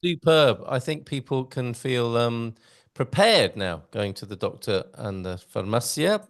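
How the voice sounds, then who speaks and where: A man's voice: medium pitch, animated, a little slow. A man hosting a casual live online lesson, upbeat and jokey, reading out viewer comments. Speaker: host. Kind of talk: casual live-stream chat.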